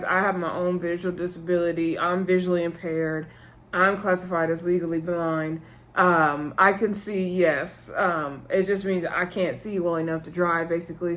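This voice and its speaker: A woman's voice: fairly low pitch, fairly bright tone. A woman vlogger chats her way through a reality show recap in a loose, conversational voice. She leans on fillers and acts out the cast's lines as she retells the arguments. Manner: chatty retelling with filler words, acting out quotes. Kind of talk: casual recap chat.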